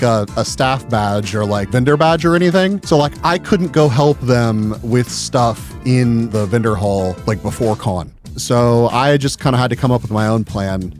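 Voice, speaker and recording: Animated, swearing man telling a story. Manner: profane and animated, pitch jumping up when exasperated. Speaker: vlogger. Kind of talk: casual storytelling.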